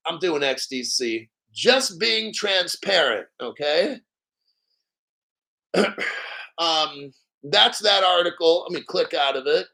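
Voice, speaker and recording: A male crypto livestream host with a high, bright voice delivers live-stream commentary in an excitable, pushy, profane rush, often pausing to clear his throat. The recording is rough.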